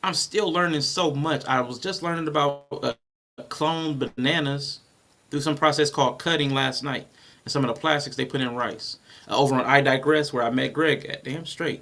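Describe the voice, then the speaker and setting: Gravelly, higher-voiced podcast host man. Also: fairly bright tone. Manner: rambling, restarts, thinks aloud. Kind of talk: casual podcast discussion.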